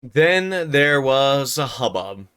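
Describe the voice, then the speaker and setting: Smooth-voiced man reading a novel aloud. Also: medium pitch, takes it slowly. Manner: steady reading with stumbles, rereads and casual profane asides. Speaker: streamer narrating a novel.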